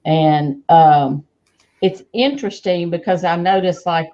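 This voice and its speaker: Woman with a lowish voice on a church panel, muffled lo-fi audio. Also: unhurried, mellow. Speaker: guest speaker. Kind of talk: casual faith discussion. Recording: dull lo-fi audio.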